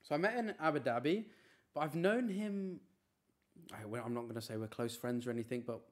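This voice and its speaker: A man's voice: medium pitch, animated. Easygoing man chatting on a stream. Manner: chatty, easygoing, quick to brush off teasing. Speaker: streamer reading chat. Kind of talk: casual live-stream chat.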